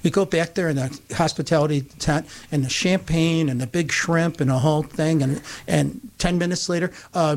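Older upstate New York man telling a lively story. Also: a little high, normal speed, few pauses. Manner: animated, acts out voices in his anecdotes. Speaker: radio host telling a story. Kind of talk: casual storytelling chat.

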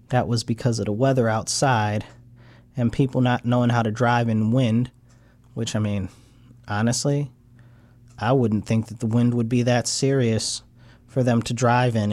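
American male livestream host, frustrated rambler, dry close sound, mid-pitched. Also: a little mellow, no room sound. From United States. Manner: frustrated, rambling, swings into heated outbursts. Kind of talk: casual political livestream rant.

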